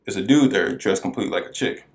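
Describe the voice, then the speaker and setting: A man co-hosting a podcast, telling a story in casual chat and acting out the people in it. His voice cracks high now and then. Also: fast, echoey room. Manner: animated storyteller who acts out quoted voices. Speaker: podcast co-host.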